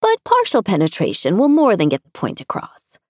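Woman doing a brisk, matter-of-fact photographer. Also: mid-range voice, wildly swooping pitch, no echo, clean studio sound, voice pushed up.

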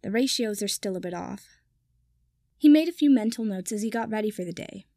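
A woman reading fiction aloud in calm, even narration. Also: mid-range voice, a little fast, dry recording, studio quality. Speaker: audiobook reader.

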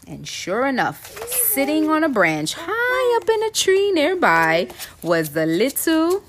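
A woman in her thirties reads a children's picture book aloud at an unhurried pace. Her pitch swings widely as she acts out each animal. Playful and expressive throughout. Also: noisy background. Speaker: storytime reader, mom. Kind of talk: children's storybook read-aloud.

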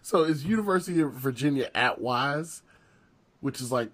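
A young man telling lively stories on a podcast, laughing often and acting out the lines he quotes. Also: mid-range voice, normal speed. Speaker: podcast co-host, former football and baseball player. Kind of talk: casual podcast storytelling.

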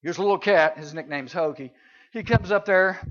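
A middle-aged camp speaker with a high, bright, forceful voice gives youth a folksy talk at normal speed. He tells homely stories and adds sound effects and little voices, on a dull, lo-fi recording.

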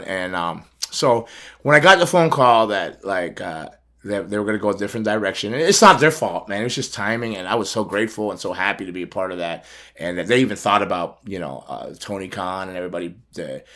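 A man's voice: fairly low pitch, a bit bright. A middle-aged man telling a personal story in casual chat, acting out phone calls and laughing often. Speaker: podcast host telling a story.

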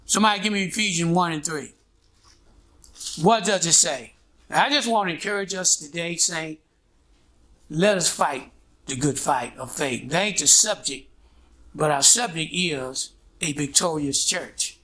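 A man's voice: on the high side, measured pace, long pauses, sharp tone. A man preaching a sermon in a call-and-response style, prodding his congregation with "what?" and "huh?" and waiting for them to answer. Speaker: pastor.

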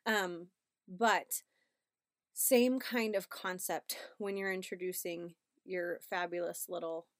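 A woman's voice: lowish voice, steady tone, takes it slowly, fairly bright tone, no room sound, studio quality. A pregnant woman in her thirties hosting a casual parenting podcast, chatty and upbeat, often checking in with "right?". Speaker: podcast host.

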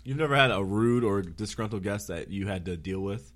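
A man's voice: lowish voice, a little fast. A man hosting a casual podcast, asking questions and spinning playful hypotheticals. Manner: animated, playful, asks the questions and sets up hypotheticals. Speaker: podcast host.

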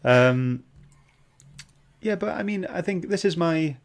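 A man's voice: a little high, lively intonation, slow. A man hosting a casual podcast chat, reading out viewer comments and joking with his co-hosts. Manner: chatty, reads out viewer comments. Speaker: host.

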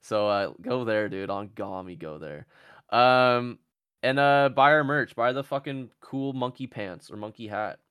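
A man's voice: medium pitch, a little slow, a bit bright, smooth, dry recording, clean studio sound. A man hosting a casual comedy podcast, joking and swearing as he rambles. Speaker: podcast host.

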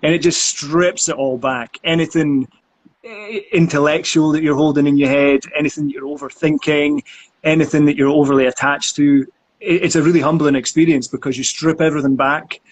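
Husky, earnest man talking about acting. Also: a little high, fairly even intonation, a little fast. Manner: earnest, repeats words while thinking. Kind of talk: casual conversation.

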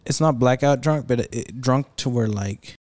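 A man's voice: medium pitch, normal speed, darkish tone, no room sound, studio quality. A man in his twenties chatting casually with friends on a podcast, laid-back, swearing freely and laughing often. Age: 20s. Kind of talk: casual chat among friends, mixing Spanish. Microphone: headphones and studio mic.

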